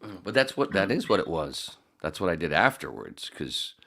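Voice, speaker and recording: A man's voice: deep voice, big pitch swings, normal speed, a bit bright. A man hosting a podcast in casual chat, joking and rambling and swearing often. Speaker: podcast host.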